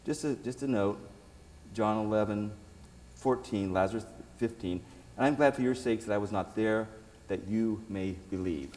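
Low, mellow man reading scripture aloud. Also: moderate pace, big-room sound, slight background noise, rough recording. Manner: reads aloud, breaks off for asides. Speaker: Bible teacher.

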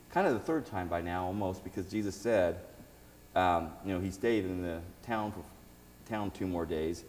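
A man reads scripture aloud in a low, mellow voice, breaking off now and then for casual remarks. His voice rings with a long reverb, as if in a large space. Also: slight background noise. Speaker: Bible teacher. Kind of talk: reading scripture with commentary.

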